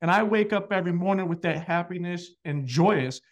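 A financial advisor who hosts a podcast talks with his guest in an earnest, reflective way, frequently voicing agreement. His voice is high and a little fast.

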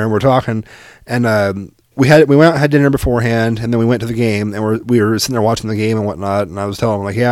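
Brief: middle-aged male co-host, quick and profane, dry close sound. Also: on the low side, no room sound. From Oregon, US. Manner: profane, animated, lots of fillers. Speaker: podcast co-host. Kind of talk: casual storytelling chat.

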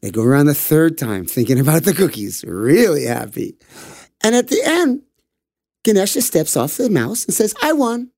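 A man telling a bedtime story for children, gentle and animated, jumping into character voices. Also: fairly high pitch, normal speed, creaky, no echo, studio quality.

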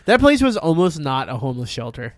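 A man's voice: a little high, very animated, fairly quick, dry recording. A man, hosting a casual podcast and rambling through stories with lots of put-on voices. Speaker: podcast host. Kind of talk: casual chat.

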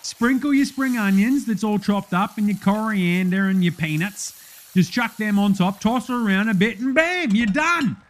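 A man's voice: high voice, animated, moderate pace. A man playing a brash Aussie TV cook. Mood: cheeky. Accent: Australian. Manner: slangy, cheeky, laughing at his own jokes. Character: brash blokey male Aussie cooking show host. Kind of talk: comedy sketch.

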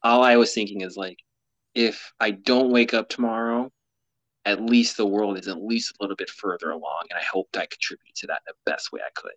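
A man's voice: fairly low pitch, a little fast, a bit bright, dry recording, muffled recording. A man being interviewed as a mountaineer and explorer, speaking candidly in an earnest, rambling way and laughing often. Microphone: podcast mic, camera off.

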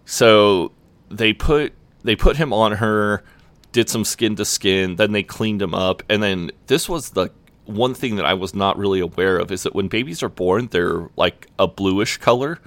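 Young man, very low voice, loose storyteller, swears freely, dry close mic. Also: unhurried, fairly bright tone, dry recording. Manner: laid-back, swears often, lots of "like" fillers. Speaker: podcast co-host. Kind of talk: casual chat, storytelling.

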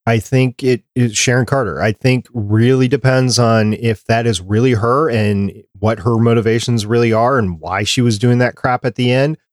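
A man hosting a podcast in casual chat, reading out listener tweets and polls with animated reactions. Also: medium pitch, normal speed, few pauses, no echo, clean studio sound. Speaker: podcast host.

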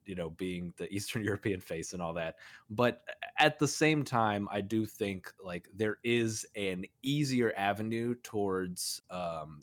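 A man's voice: low-pitched, no echo. A man co-hosting a podcast, giving his opinion in a rambling, filler-heavy way and laughing often. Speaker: podcast co-host. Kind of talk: casual film discussion.

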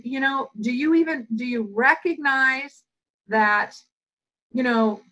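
A woman speaking as a guest psychologist on a podcast interview, explaining in an animated, flowing way and acting out quoted voices. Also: a little high, rough recording.

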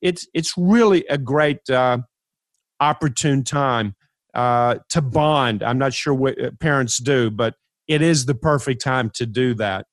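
A man hosting a podcast interview, telling stories in an emphatic, animated way. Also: medium pitch, unhurried, no echo. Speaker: podcast host. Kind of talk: conversational interview.

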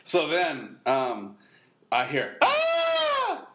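A man's voice: mid-range voice, expressive, fairly quick, fairly bright tone. A man co-hosting a podcast, telling profane stories in a loose chat and acting out the voices of the people in them. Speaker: podcast co-host. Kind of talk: casual storytelling chat.

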